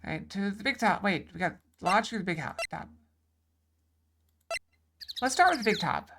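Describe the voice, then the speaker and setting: A woman's voice: mid-range voice, animated, moderate pace, background noise. A woman streamer giving casual, rambling commentary while playing a game live. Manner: chatty, rambling. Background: game music.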